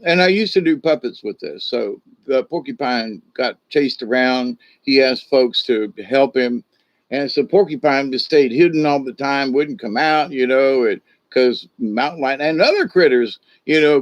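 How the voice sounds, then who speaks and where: A man's voice: medium pitch, a little slow, no room sound. A man, a shaman, casually telling a folk tale, rambling with many "you know"s and restarts. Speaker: shaman storyteller. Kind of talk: casual spoken storytelling. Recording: dull lo-fi recording.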